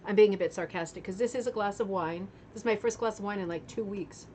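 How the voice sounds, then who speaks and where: A woman's voice: medium pitch, quick pace, warm tone, slight background noise. A woman hosting a casual craft livestream from home, chatty and greeting viewers one by one while getting over a sore throat. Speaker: livestream host of a craft club. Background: fan running.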